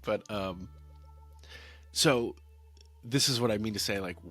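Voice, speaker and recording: A man's voice: on the low side, normal speed, a bit bright, husky, soft background music. A man casually reviewing a film on camera, wry and rambling with many restarts. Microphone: talking-head camera mic.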